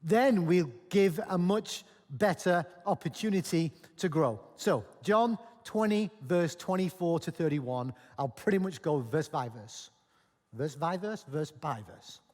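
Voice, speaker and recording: A male pastor preaching a sermon, animated and storytelling, acting out the people in the passage, in a church auditorium. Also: fairly high pitch. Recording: long church-hall reverb.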